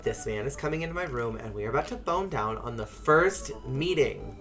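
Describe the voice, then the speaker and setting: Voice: medium pitch, lively intonation, a little fast, fairly bright tone, faint music behind. A streamer giving playful, joking commentary while playing a video game and reading all the parts aloud.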